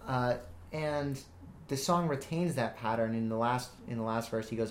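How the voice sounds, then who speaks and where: A young man talks through song lyrics with earnest, analytical care, pausing with small fillers before reciting lines. His voice sits at an ordinary middle pitch. The room gives it a noticeable echo. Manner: earnest, quotes lyrics with hesitations. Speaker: student interviewer. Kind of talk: analytical discussion. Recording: roomy echo.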